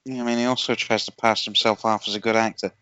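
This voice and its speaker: A man's voice: fairly low pitch, level tone, quick pace, fairly bright tone, smooth, no echo. A man co-hosting a podcast in casual chat, needling and provoking the others. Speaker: podcast co-host. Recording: dull, dry lo-fi audio.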